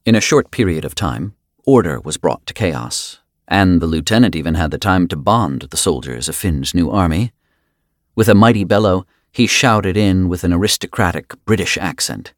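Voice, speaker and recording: A man narrating a fantasy story in a dramatic, expressive way. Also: low-pitched, dry recording, clean studio sound. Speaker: audiobook narrator. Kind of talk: scripted narration.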